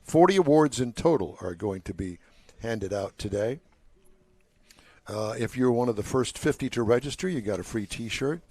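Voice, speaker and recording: A man's voice: medium pitch, animated, moderate pace, dark tone, no room sound. An older man hosting a live talk show from a car show, chatty and joking with his co-hosts. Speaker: host. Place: outdoor waterfront car show.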